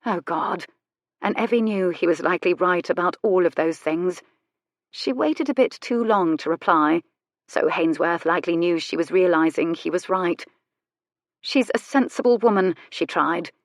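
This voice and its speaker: A woman narrating a romance audiobook in a measured storytelling voice, sharpening into crisp retorts for the heroine. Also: fairly low pitch, no echo, clean studio sound. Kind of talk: scripted narration.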